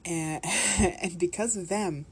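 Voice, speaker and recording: A woman's voice: on the low side, takes it slowly, breathy edge. Rambling, laughing Canadian woman podcaster. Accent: Canadian, with a put-on Minnesotan lilt. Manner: rambling, laughing, swearing often. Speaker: podcast host. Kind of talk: casual podcast intro chat.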